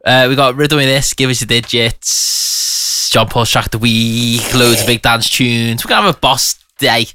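A man's voice: medium pitch, fairly even intonation, moderate pace, background noise. A man, a radio presenter joking and bickering with his co-host. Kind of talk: casual on-air banter.

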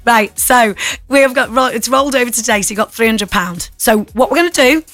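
A woman's voice: on the high side, fairly quick, a bit bright, faint music behind. A woman presenting breakfast radio, chatty and giggly, bantering with her co-host. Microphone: studio microphone.

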